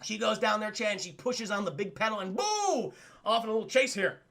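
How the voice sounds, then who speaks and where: A man's voice: high-pitched, expressive, a little fast, fairly bright tone. A man streaming a cartoon review, rambling and swearing casually while talking to his chat. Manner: profane, rambling, keeps addressing the chat. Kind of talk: casual live-stream commentary.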